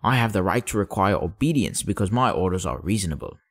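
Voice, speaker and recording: A man's voice: low voice, sing-song, quick pace, slightly rough, no echo, studio quality, heavily acted. A man voicing a pompous old king in an audiobook, grandiose and commanding, issuing orders. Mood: lecturing. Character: pompous old male king, absolute monarch. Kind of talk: audiobook character voice.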